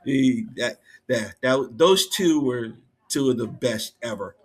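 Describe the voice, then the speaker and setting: A man tells backstage stories as a podcast guest, his voice swinging widely up and down as he gets into them. He speaks at an ordinary middle pitch, laughing and slipping into the voices of the people he describes. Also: slow, breathy edge. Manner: lively, laughing, acts out quotes. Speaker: guest, former head of wrestling security. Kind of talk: animated backstage storytelling.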